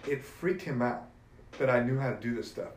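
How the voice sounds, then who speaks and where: Animated middle-aged man in an echoey room. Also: medium pitch, a little fast. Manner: animated, emphatic storyteller. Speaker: podcast guest, jiu-jitsu black belt. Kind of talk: casual storytelling conversation. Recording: echoey room with faint ambient noise.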